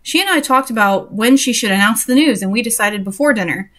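A young woman with a fairly high voice reads a story aloud. She keeps stopping to mock it in a sarcastic, exasperated way. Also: brisk, a bit bright. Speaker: reader and commentator. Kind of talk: reading a story aloud with mocking asides.

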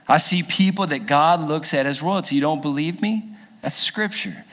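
A man preaching a sermon as pastor, telling a story with lively acted-out character voices. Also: on the high side, normal speed. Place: church sanctuary. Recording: long hall reverb from a church.

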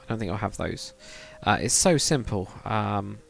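Gravelly young Englishman streaming, rambling. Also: on the low side, lively intonation, moderate pace, fairly bright tone, faint music behind. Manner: rambling, chatty, reads viewer comments aloud. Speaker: live streamer. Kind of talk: casual chat while building in a game.

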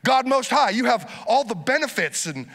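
A pastor delivering a lively sermon, urging the congregation to repeat phrases after him. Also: male voice, extremely high pitch, normal speed, in a large hall.

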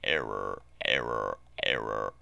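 Deep gravelly glitching robot. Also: male voice, slow, dry recording, heavily acted. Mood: mechanical. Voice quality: very deep and gravelly, repeating in a mechanical monotone. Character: glitching male robot animatronic, cold and menacing.

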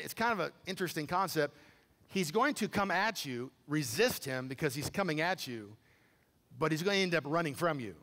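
A man preaching a sermon, telling a story with animated, incredulous quoted dialogue. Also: a little high. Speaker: pastor. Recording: long hall reverb.

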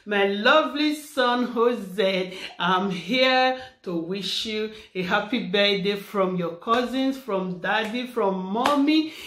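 This heartfelt birthday vlog features a woman whose voice is on the high side and a bit bright. She speaks fervently, repeats her phrases, and prays aloud, all recorded in an echoey room.

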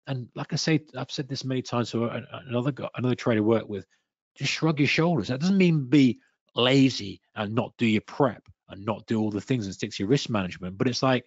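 A man's voice: medium pitch, lively intonation, a little fast, dry recording. A man presents a trading lesson in a webinar. He voices a trader's doubts as quoted asides and slips in playful sound effects. The audio is dull and slightly lo-fi, and the close mic gives a dry sound. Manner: acts out a trader's self-talk in quoted asides. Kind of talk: instructional webinar talk.

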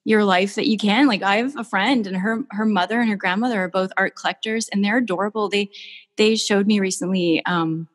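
A woman artist telling stories in a casual interview, gushing and animated. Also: medium pitch, a little fast, in a large hall. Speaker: artist guest.

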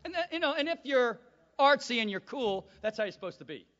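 A man preaching a sermon to a congregation, swinging from quiet asides to shouted peaks and calling for amens. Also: extremely high pitch, very animated, a little fast, in a large hall, dull audio.

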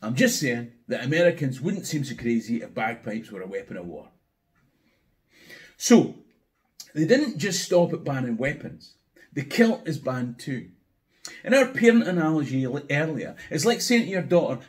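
A man's voice: a little high, big pitch swings, moderate pace, darkish tone. A Scottish man, a history tour guide, giving a wry, sardonic commentary to camera. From Scotland. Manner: wry, sardonic, building to mock outrage.

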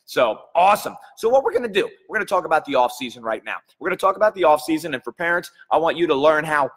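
An energetic male coach hosts a live stream, greeting viewers by name. His slightly high voice is husky, and a long reverb trails behind every phrase. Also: fast. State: under the weather.

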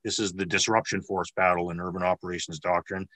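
A man lecturing on military history over a video call, his voice low in pitch, bright and forceful. He explains step by step, thinking aloud with fillers and restarts. The sound is dry and close. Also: little pitch movement, quick pace, dry recording, poor audio. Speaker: military historian giving a talk.

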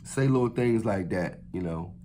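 A man's voice: on the low side, lively intonation, normal speed, mellow, slight background noise. Rambling, slangy male vlogger. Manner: loose, rambling delivery with many fillers and restarts; slangy, conversational phrasing. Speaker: vlogger giving dating advice. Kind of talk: casual unscripted monologue.

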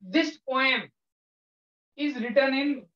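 A male English lecturer with an Indian English accent, patiently explaining to a class with frequent pauses. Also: very high-pitched, bright, forceful tone. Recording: echoey room, dull lo-fi sound.

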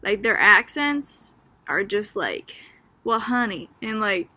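A woman's voice: medium pitch, sing-song, slow pace, bright, forceful tone, dry recording. A young woman from Boston with a Boston accent, a student chatting casually about a book she read, full of "like" and "um" and often amused. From Boston, Massachusetts. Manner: chatty, filler-heavy with frequent "like" and "um"; amused, laughing as she talks.

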